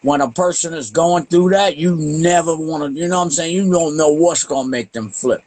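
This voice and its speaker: A man's voice: on the high side, normal speed, a little mellow. A man as a guest in a casual interview, talking bluntly and with plenty of swearing. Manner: blunt, profane, emphatic.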